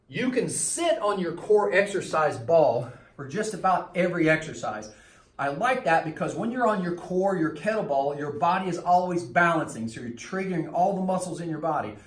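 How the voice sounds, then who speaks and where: A man's voice: on the high side, recorded from a distance. Slightly winded male fitness trainer, echoey room. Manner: coaching, repetitive cues, demonstrating as he talks. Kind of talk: workout instruction while exercising.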